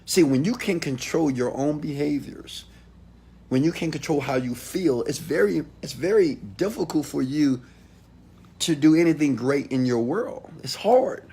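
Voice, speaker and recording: A husky-voiced man delivers a motivational talk to a live audience. He preaches and calls out to the crowd, dropping from loud outbursts to near-whispered asides. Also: a little high, animated, a little slow. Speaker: motivational speaker.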